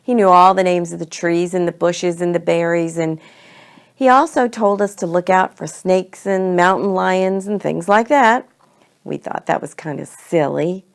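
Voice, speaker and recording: A woman telling a homey family story in an unhurried, conversational way. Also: on the low side, gravelly, darkish tone. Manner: homey, unhurried, slips between we and they. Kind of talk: storytelling to children.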